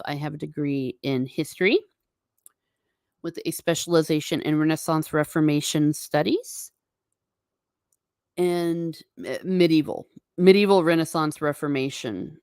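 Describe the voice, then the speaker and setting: A woman's voice: sits low, no echo, clean studio sound. Chatty woman reading stream chat. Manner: chatty, reads viewer comments aloud, laughs often. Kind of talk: casual chat. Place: home.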